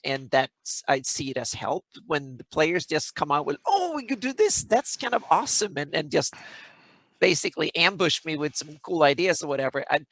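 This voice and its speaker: A man game master on a panel, explaining his approach in a measured, even way. His voice sits a little high for a man. The sound is dry and close. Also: no room sound. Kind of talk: casual panel chat.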